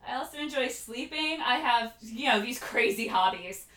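A woman's voice: a little high, animated, moderate pace, a bit bright. A woman hosting a podcast in casual chat, laughing often and trailing off with fillers over a call. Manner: giggly, chatty, hesitant fillers. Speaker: podcast host. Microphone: talking over a video call. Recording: roomy echo.

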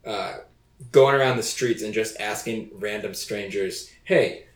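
A man's voice: on the low side, measured pace. A man guesting on a podcast, chatting casually with a wry, teasing manner. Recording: roomy echo.

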